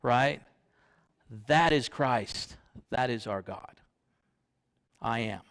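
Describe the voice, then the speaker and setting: A man's voice: medium pitch, slow pace, fairly bright tone. A young man preaching a sermon in church, conversational, often asking the congregation questions.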